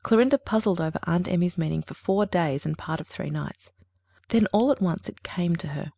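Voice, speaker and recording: A woman narrating a storybook at a measured pace. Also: fairly low pitch, gravelly, dark tone, no room sound, studio quality.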